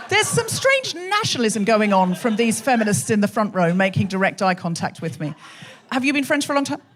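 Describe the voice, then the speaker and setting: A woman's voice: medium pitch, very animated, a little fast. A woman hosting a live comedy podcast on a hot theatre stage, chatting with and teasing the audience. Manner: chatty, teasing crowd work.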